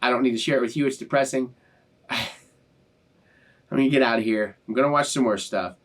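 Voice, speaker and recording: A man's voice: mid-range voice, a little fast. Earnest emotional young man, off-mic. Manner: earnest, emotional, rambling with many restarts. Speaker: YouTube reaction channel host. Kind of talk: casual heartfelt talk to viewers. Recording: voice a bit far from the mic.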